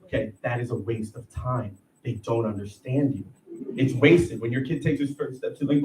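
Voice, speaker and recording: A man in his thirties doing a profane, animated stand-up set on a comedy club stage. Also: mid-range voice, brisk. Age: 30s. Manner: profane, animated, acts out voices. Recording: echoey room, heard from a distance. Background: audience laughter and room noise.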